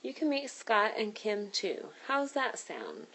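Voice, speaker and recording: A woman's voice: mid-range voice, huge pitch swings, takes it slowly, fairly bright tone, full character voice, rough recording. Woman reader doing a motherly hostess, fussing, storybook dialogue, caring. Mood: warm. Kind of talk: read-aloud storybook dialogue.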